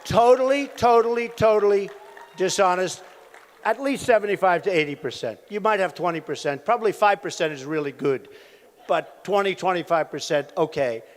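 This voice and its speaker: High-voiced man at an echoey rally. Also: moderate pace. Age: 60s. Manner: rambling, repetitive storytelling with asides to the crowd. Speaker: presidential candidate at a campaign rally. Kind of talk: campaign rally speech. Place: large rally venue. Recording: echoey hall sound from a rally venue.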